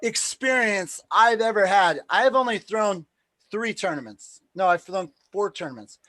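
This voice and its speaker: A man's voice: high voice, unhurried, dry recording. A man hosting a live stream, casually telling a promoting story with plenty of swearing, acting out the voices of the people he quotes. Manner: excitable, swears freely, acts out quoted dialogue.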